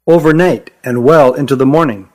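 A man voicing a courteous, gentle female attendant in a storybook. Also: medium pitch, moderate pace, natural voice. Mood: polite. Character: polite female cave attendant.

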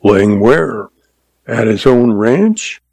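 A man voicing a slow-witted, blustering small-town sheriff who turns meek and fumbling, in an audiobook. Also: mid-range voice, big pitch swings, vocal fry, darkish tone, husky, no echo, heavily acted. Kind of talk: audiobook character voice.

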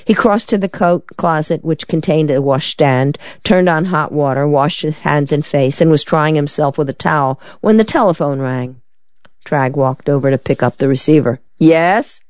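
An audiobook narrator reading a crime story in an even, measured way. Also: medium pitch, dry recording, highs cut off. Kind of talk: scripted narration.

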